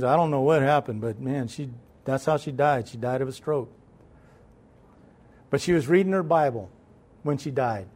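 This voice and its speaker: A man telling a personal story as a guest, animated and conversational, acting out the voices in it. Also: a little high. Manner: conversational, with repeated fillers and restarts.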